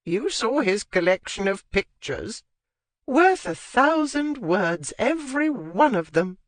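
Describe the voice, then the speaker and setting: An audiobook narrator voicing an elderly aristocratic lady who gossips bawdily in a high, swooping voice. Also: sing-song, takes it slowly, no echo. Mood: gossiping.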